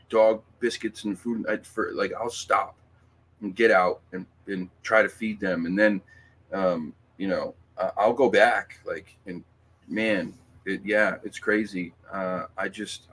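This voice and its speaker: Male livestream host, very low voice, rambling and emphatic, faint hiss behind. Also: fairly even intonation, measured pace, fairly bright tone. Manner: rambling, emphatic, swears, with many fillers and restarts. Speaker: livestream host reading viewer comments. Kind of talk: casual livestream chat.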